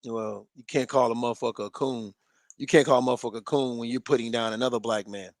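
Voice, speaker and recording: A man's voice: mid-range voice, fairly even intonation, quick pace, no room sound. Dry-sounding laughing co-host, a man. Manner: laughing, teasing banter. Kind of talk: casual chat.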